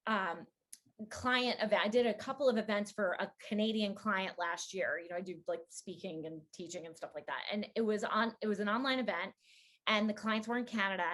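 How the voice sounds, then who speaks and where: A woman hosting a wine conversation, chatty and quick to act out what people said. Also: mid-range voice. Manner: chatty, quoting people in lively asides. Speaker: wine podcast host. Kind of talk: casual chat.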